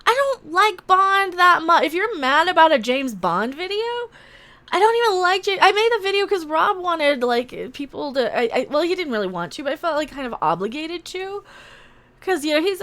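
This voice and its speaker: A woman's voice: sits high, a bit bright. A woman hosting a casual livestream, sarcastically reading out and answering comments in a rambling way with many restarts. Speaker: livestream host reading chat.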